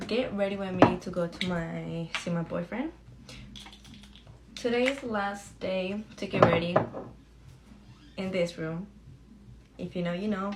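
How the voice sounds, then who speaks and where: A young beauty vlogger with a lowish voice tells her viewers a storytime while getting ready, chatting in a slangy, friendly way. The recording is very noisy.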